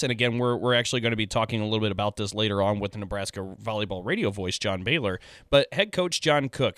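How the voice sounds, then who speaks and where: A man hosting a sports radio talk show, introducing clips in a measured way. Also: medium pitch, fairly bright tone, no room sound, clean studio sound. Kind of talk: scripted sports talk segment.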